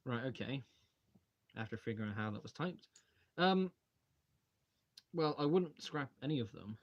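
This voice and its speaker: A young man hosting a brick-model livestream from his home hobby room speaks a little slowly with long pauses, his medium-pitched voice lively in intonation. He rambles casually while dismantling models at his desk and reading out viewer questions.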